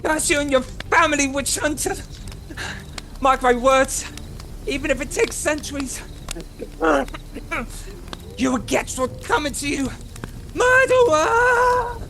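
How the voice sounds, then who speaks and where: A man voicing a defiant eighteen-year-old woman who curses in a high, anguished voice broken by coughs. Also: lively intonation, slow, long pauses, bright, forceful tone, full character voice, poor audio. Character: defiant young woman of eighteen, cursing at the stake.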